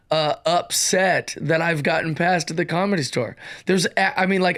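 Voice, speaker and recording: A man's voice: fairly high pitch, no room sound, studio quality. A man in his forties, a comedian, talking through a casual solo monologue full of fillers and restarts. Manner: rambling, filler-heavy, animated storytelling. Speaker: comedian hosting his own show.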